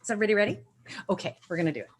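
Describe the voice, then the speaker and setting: A woman's voice: medium pitch, lively intonation, racing, a little hiss or hum. A woman chairing a public meeting over a video call, making playful, teacherly announcements. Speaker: commission chair.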